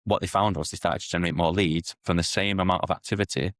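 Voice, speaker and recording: A man, a podcast guest explaining sales in an animated way and acting out client conversations. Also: sits low, fast talker, no room sound, clean studio sound. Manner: animated, acts out sales dialogues in quotes. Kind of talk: podcast interview.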